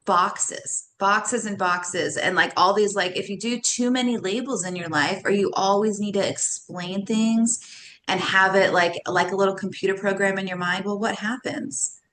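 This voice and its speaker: A woman's voice: mid-range voice, steady tone, moderate pace, fairly bright tone, slight background noise. A woman in her thirties, a guest on a podcast, talking casually and animatedly and laughing often between thoughts. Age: 30s. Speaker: podcast guest, somatic coach. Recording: roomy echo with faint ambience.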